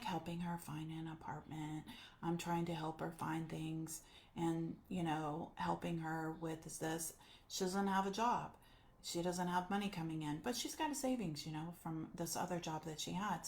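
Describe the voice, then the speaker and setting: A woman life coach telling a personal story, animated and acting out the voices she quotes. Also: fairly low pitch.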